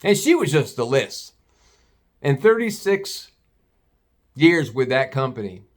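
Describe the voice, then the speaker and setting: An older man, a retired butcher, telling a story bluntly with plenty of swearing in a casual vlog. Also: a little high. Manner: blunt, profane, animated storytelling.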